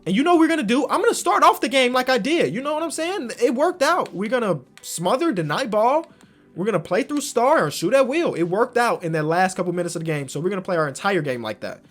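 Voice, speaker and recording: Excitable gaming YouTuber. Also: male voice, quick pace, soft background music. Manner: swings from low muttering to loud excited yelling; slangy, talks to himself about the game. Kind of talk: excited game commentary.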